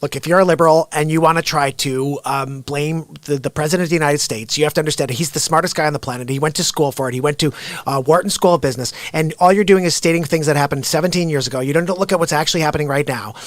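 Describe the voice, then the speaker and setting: A man impersonating a smug, fast-talking male political pundit who lectures liberals in a clipped, argumentative way. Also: a little high, dry recording, natural voice. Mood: lecturing.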